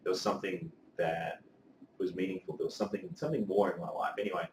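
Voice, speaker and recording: A man, telling his story as a life coach in a casual interview, earnest and animated, with casual swearing. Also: low-pitched, fast, noisy background. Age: 30s. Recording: echoey room, mic at a distance.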